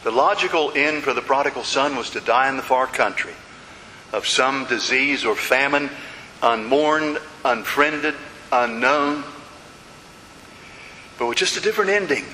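A man's voice: medium pitch, unhurried, long pauses, sharp tone. A man preaching a sermon, telling stories dramatically with repeated refrains. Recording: reverberant hall with faint hiss.

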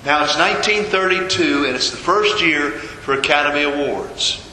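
A man preaching a sermon as a pastor, telling a story with dramatic pauses and repetition. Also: on the high side, bright, forceful tone. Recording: echoey hall with long reverb, faint noise.

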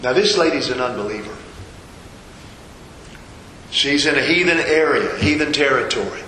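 A man's voice: mid-range voice, expressive, normal speed, sharp tone, roomy sound, big-room sound, a little hiss or hum, poor audio. A man preaching a sermon, retelling a scripture story and repeating rhetorical questions. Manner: storytelling, voices the figures' quoted lines, rhetorical questions.

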